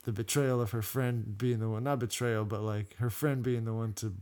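A man's voice: lowish voice, steady tone, moderate pace, a little mellow. A man co-hosting a podcast in casual chat, making dry, wry remarks. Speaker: podcast co-host.

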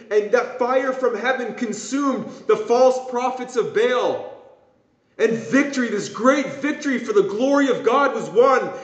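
A man with a high voice preaches with passion, now and then slipping into whining voices to make his point. His sermon comes through a dull, lo-fi recording in an echoing church room. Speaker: pastor. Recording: echoey room, dull lo-fi sound.

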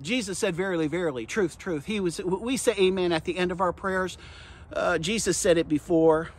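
A man delivers a devotional sermon for a podcast, speaking straight to his listeners as friends and guys. His preaching is impassioned and earnest. He drops to quiet, low stretches, then rises to loud, emphatic declarations. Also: normal speed. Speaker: pastor and podcast host.

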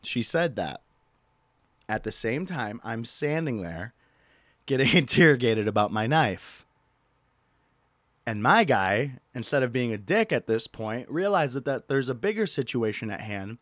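Animated man telling a story. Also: mid-range voice, a little slow, pauses often, no echo. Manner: animated, profane, laughing asides. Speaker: podcast host. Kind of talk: casual storytelling.

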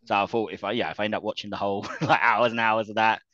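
A man's voice: on the low side, steady tone, fast, sharp tone, no room sound, dull audio. A man chatting casually about wrestling as a podcast co-host, laughing often and restarting his sentences.

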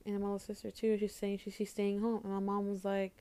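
Young woman venting on a vlog, upset and fighting back tears, keeps tripping over her words, dark soft voice, pretty flat. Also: mid-range voice. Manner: halting, repeats words, close to tears. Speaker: vlogger. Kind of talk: emotional personal vent to camera.

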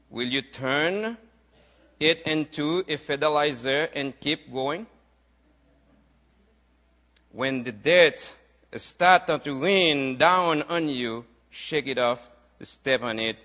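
A man preaching a sermon, repeating key phrases in a steady preaching cadence. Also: medium pitch, slow pace, pauses often. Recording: dull lo-fi recording.

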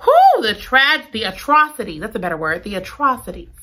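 A woman chatting casually about a romance novel, dramatic and gushing. Her bright voice swings widely from highs to lows. She reacts big to every twist. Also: huge pitch swings, fairly quick. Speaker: book reviewer. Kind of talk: casual chat.

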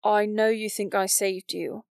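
A woman's voice: medium pitch, steady tone, measured pace, creaky, darkish tone, clean tone, no room sound, studio quality. A woman voicing an earnest, shy teenage boy who speaks sincerely and hesitantly.

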